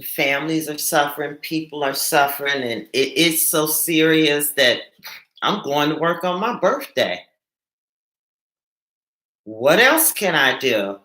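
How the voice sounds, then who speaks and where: A nurse hosting a live stream from home, speaking earnestly and stumbling over repeated words when upset. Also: female voice, low-pitched, lively intonation, slow, fairly bright tone, reverberant. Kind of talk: emotional live-stream talk to viewers.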